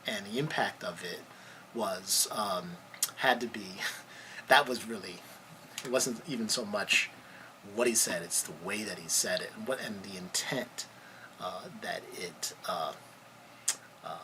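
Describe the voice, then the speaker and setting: A man, a lawyer hosting a podcast, telling a story in a halting, conversational way, often searching for words. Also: on the low side, bright, forceful tone, slight background noise.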